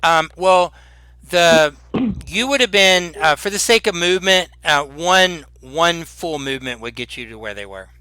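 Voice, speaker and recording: A man's voice: a little high, animated, measured pace, sharp tone, smooth. A man running a tabletop game as dungeon master, laughing often and talking with many fillers.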